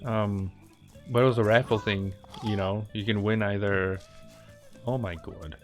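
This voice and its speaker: A man with a fairly low voice talks his way through a game, drifting between a long story and quick reactions to what's on screen. His delivery is loose and chatty, with laughs and asides, and faint game music plays underneath. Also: fairly even intonation. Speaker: gaming channel host. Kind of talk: casual gameplay commentary with storytelling.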